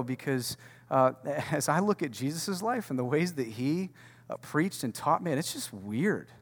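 A man preaching a conversational sermon as pastor, swinging from loud to hushed and repeating words as he goes. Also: on the high side, lively intonation, normal speed. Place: warehouse church hall. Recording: long reverb of a large hall.

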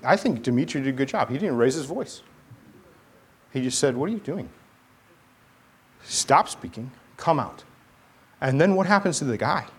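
A male pastor preaching a sermon, animated, acting out voices and asking the crowd questions. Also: medium pitch, husky.

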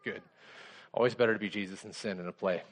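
A man's voice: on the low side, steady tone, fast talker. A middle-aged pastor giving a conversational sermon to children and adults, asking the kids simple questions as he goes.

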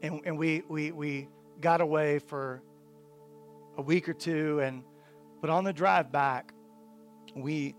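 A man preaching a sermon, earnest, often repeating words and swinging from quiet to emphatic. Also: on the high side, steady tone, takes it slowly, long pauses, soft background music. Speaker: pastor.

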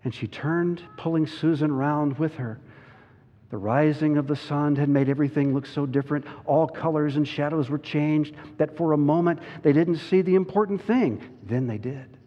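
Man pastor, deliberate and earnest, talks to the kids, muffled hall recording. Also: on the high side. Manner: slow, earnest, addresses children directly. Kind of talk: sermon with storybook reading. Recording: dull sound in a large reverberant hall.

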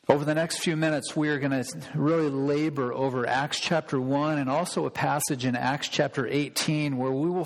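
A pastor delivering a sermon, emphatic and repeating key phrases for weight. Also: male voice, fairly high pitch. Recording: long reverb of a large hall.

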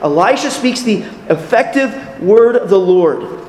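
A man's voice: high-pitched, expressive, a little slow, darkish tone, slight background noise. A man preaching a sermon as a pastor, earnest in tone, putting rhetorical questions to his listeners. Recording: echoey hall with long reverb.

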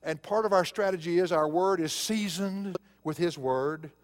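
A man's voice: sits high, moderate pace, in a large hall. A male pastor preaching a sermon, telling a personal story in a conversational way and rising to emphatic preaching.

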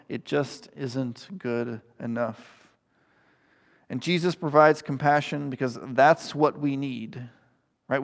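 A man's voice: medium pitch, in a large hall. A man preaching a sermon, earnest and conversational, with ums and asides to the congregation. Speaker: pastor.

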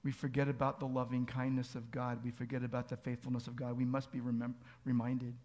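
A man's voice: mid-range voice, monotone, a little fast, a little mellow. Earnest male pastor preaching a sermon. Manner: earnest, pleading rhetorical questions, builds to emphatic peaks.

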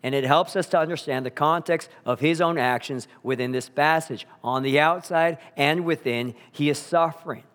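A man preaching a sermon, earnest and emphatic, slowing down to repeat key phrases, in a church sanctuary. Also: fairly high pitch, a bit bright. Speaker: pastor. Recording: long hall reverb.

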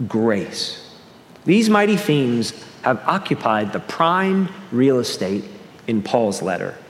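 This Northeastern American pastor has a mid-range voice and preaches earnestly in a church sanctuary. He often goes back and restarts phrases, and his pace keeps changing. The recording carries a little hiss or hum and long reverb from the echoey hall.

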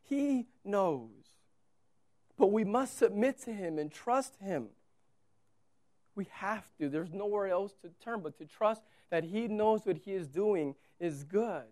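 A pastor preaching a sermon, swinging from loud urgency to hushed storytelling and asking listeners to imagine the scene. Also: medium pitch, expressive, slow.

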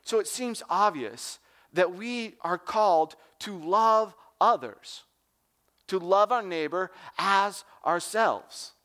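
A man's voice: high-pitched, animated, takes it slowly, fairly bright tone. A man giving a casual sermon as a youth pastor, informal and joking, often asking "right?".

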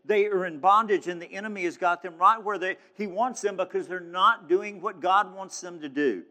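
A man's voice: sits high, normal speed, pushed and bright. A man preaching a sermon in a fervent, emphatic way, often restarting his phrases. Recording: long hall reverb.

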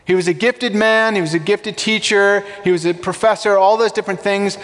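Preaching at a fairly quick clip, this pastor has a notably high voice and an easy, conversational style. He keeps asking his congregation rhetorical questions while the large sanctuary's long reverb echoes behind him.

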